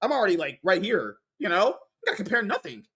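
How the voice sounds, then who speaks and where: A man's voice: high-pitched, sing-song, fast, fairly bright tone, slightly rough. A man hosting a casual podcast, rambling and swearing, often restarting his sentences. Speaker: podcast host.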